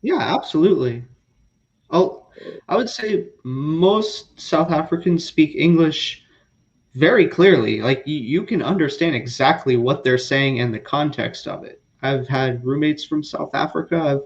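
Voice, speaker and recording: Male co-host, agreeable, animated pitch, muffled lo-fi video call sound. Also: measured pace. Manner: agreeable, encouraging. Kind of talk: casual chat on a video call.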